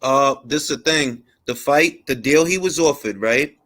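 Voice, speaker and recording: A man's voice: medium pitch, normal speed, a bit bright. A man hosting a live boxing talk stream, brash and full of slang and trash talk. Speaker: boxing talk show host. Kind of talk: casual live-stream chat.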